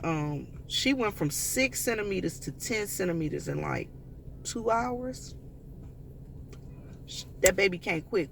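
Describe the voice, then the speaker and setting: High gravelly man telling a story. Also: a little hiss or hum. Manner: chatty, animated storytelling that addresses viewers directly. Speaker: vlogger. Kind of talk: casual story time.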